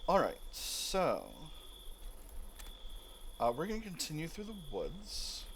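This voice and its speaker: Taking it slowly, a gaming channel host with a voice on the high side and huge pitch swings reads the game's text aloud for let's-play commentary. He deliberates over choices with fillers and restarts, and a little hiss or hum sits under the audio.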